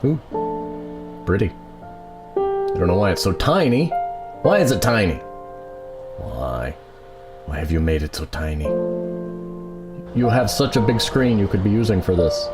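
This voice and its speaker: A man's voice: fairly low pitch, big pitch swings, a little slow, long pauses. A man playing a video game and chatting wryly, joking about what he sees on screen. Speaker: gamer. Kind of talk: let's play commentary. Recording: loud game music behind.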